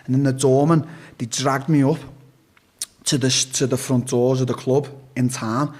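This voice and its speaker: A man's voice: mid-range voice, little pitch movement, normal speed, mellow. A man, an interview guest, telling a story in a blunt, profane, casual way and acting out what people said. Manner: blunt and profane, with acted-out quotes.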